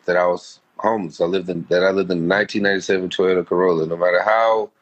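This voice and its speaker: A man speaks as a guest in a casual interview, his low voice carrying a heartfelt, rambling story full of slang. He talks loosely and personally. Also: fairly even intonation, fast talker, highs cut off.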